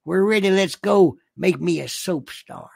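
A man putting on a mock Southern voice to play a brash, boastful older man, reading loudly and dragging out the words. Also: high-pitched, gravelly, breathy edge, dry recording, clean studio sound, heavily acted. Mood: mocking bluster. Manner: loud, drawn-out exaggerated reading. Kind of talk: comic dramatic reading.

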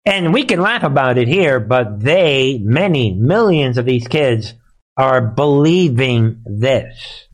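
A man's voice: medium pitch, animated, slow pace. A man hosting live political commentary, sarcastic and heated, and he often laughs.

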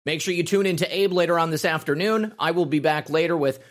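A man's voice: a little high, fast talker. A man hosting a live political stream, casually reading out viewer comments with frequent fillers. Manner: rambling, reads names with fillers.

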